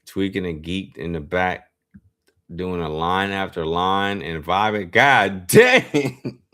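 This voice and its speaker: A young male streamer chatting casually with his live audience, his voice sitting on the low side with a bright, forceful edge. He tells stories in an animated, slangy and profane way and reads the chat aloud as he goes. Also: takes it slowly.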